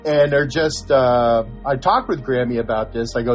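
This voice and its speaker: A man's voice: mid-range voice, normal speed, faint music behind. An older man co-hosting a podcast, telling a story in casual chat and acting out the dialogue. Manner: animated storyteller, acts out the dialogue. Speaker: podcast co-host.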